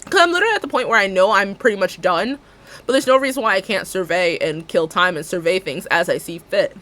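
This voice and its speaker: Animated, chatty woman streamer. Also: medium pitch, fast talker. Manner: animated storyteller who acts out both sides of conversations; chatty and rambling, with frequent fillers and self-corrections. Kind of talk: casual chat while livestreaming a game.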